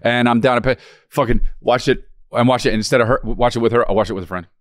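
A man co-hosting a podcast, talking casually with a lot of swearing and rambling, animated storytelling. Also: medium pitch, quick pace, dry recording, studio quality. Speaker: podcast co-host. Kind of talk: casual chat.

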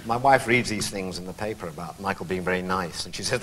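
A man who is a talk show guest, telling stories in an animated, self-mocking way and often laughing. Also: on the low side, fast, few pauses, background noise. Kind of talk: anecdotal storytelling on a talk show.

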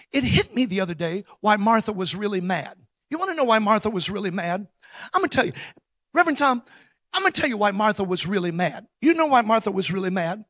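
A man preaching a sermon as a guest preacher, telling stories emphatically with bursts of shouting and quick asides. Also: high-pitched, no room sound, clean studio sound.

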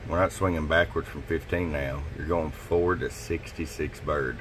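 A man with a slightly hoarse voice, casually walking through a demo at his radio workbench, dropping in fillers and a tag of "okay?". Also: very deep voice, steady tone, normal speed, fairly bright tone, slight background noise. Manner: casual, folksy, drops in "okay?" and "uh". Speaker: CB radio shop technician. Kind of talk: casual product demo narration.

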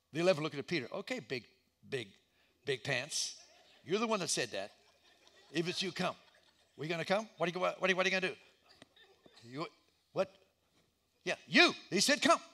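A man's voice: on the high side, vocal fry. Dramatic male pastor preaching a sermon. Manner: dramatic storytelling, acting out voices, swinging from shouts to hushed lines. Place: church.

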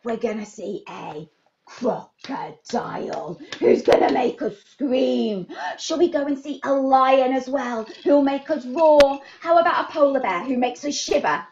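A woman running a live online baby sign class, talking to toddlers in an animated, sing-song way. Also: high-pitched, measured pace, dull audio, a little hiss or hum.

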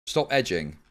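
A man's voice: mid-range voice, vocal fry, a bit bright. Guy on stream, heated, swears a lot, voice jumps all over. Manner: argumentative, heated, swears often. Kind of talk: live stream commentary.

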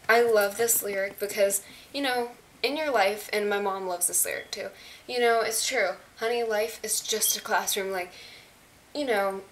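A young woman vlogging as an excited fan, gushing and chatty with lots of fillers. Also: medium pitch, a little slow. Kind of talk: casual chat. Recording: faint hiss.

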